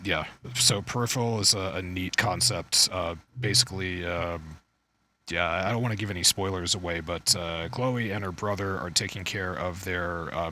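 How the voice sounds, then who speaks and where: A man's voice: deep voice, bright, forceful tone, slight background noise. A man co-hosting a podcast, chatting casually about movies and shows, rambling, swearing and losing his train of thought. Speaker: podcast co-host. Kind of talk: casual chat.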